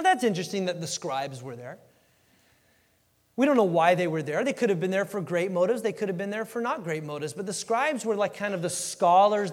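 A man preaching a sermon in a conversational, animated way, acting out what people in the story say. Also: high-pitched. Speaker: pastor. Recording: long hall reverb.

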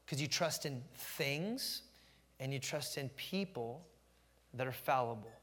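A middle-aged man preaching a sermon as pastor, telling stories with animated energy and slowing down to stress key phrases. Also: a little high, big-room sound. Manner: animated storytelling, emphatic, slows down to stress phrases.

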